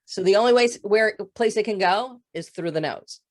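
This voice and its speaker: A woman voice coach with a touch of vocal fry, explaining voice habits in an interview. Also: mid-range voice, moderate pace. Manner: explanatory, demonstrates voice faults. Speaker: voice coach guest. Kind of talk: interview answers.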